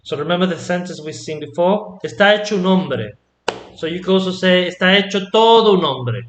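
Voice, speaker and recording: A man teaching an online Spanish lesson, explaining slowly and patiently and checking in with "yeah?" after his examples. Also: high voice, lively intonation, echoey room.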